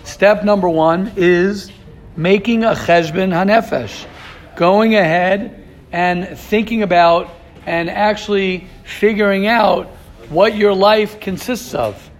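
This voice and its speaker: A man's voice: high voice, slow pace. A man teaching an informal Torah class, firing off repeated rhetorical questions and restarting his sentences.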